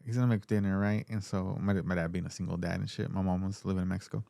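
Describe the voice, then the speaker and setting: A man with a somewhat low voice hosts a casual podcast chat and spins long, profane stories about his family, breaking into laughter along the way. The sound is close and dry, with no room around it. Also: level tone, quick pace, gravelly, dark tone, no echo. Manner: profane, rambling anecdotes with frequent laughter. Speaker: podcast host.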